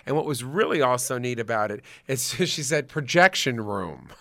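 A man hosts a casual commentary show, chatty and animated and laughing as he talks. His voice is bright and forward, with a mid-range pitch. The sound is dry and close, with no room around him. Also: normal speed, no room sound.

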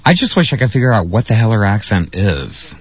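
A man's voice: on the low side, animated, fairly quick. Man, outspoken radio co-host, jokey and opinionated, casual panel chat, lo-fi dull sound.

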